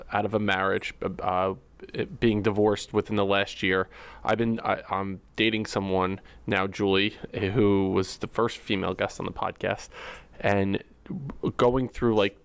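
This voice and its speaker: A man's voice: lowish voice, gravelly, clear, resonant tone, no echo. A man co-hosting a podcast, talking candidly about his feelings with many fillers and restarts. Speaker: podcast co-host. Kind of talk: candid personal conversation.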